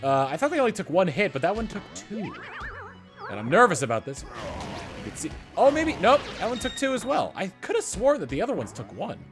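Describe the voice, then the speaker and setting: A man's voice: high voice, huge pitch swings, fairly quick, music in the background. A man playing a video game and commenting playfully, with silly asides and rambling thoughts. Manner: playful, silly, bursts into made-up songs. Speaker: let's-play host. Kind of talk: gaming commentary.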